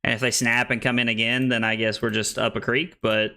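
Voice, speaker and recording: A man's voice: medium pitch, level tone, a little fast, sharp tone. A young American man casually commenting on his card game stream, thinking aloud with many restarts. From United States.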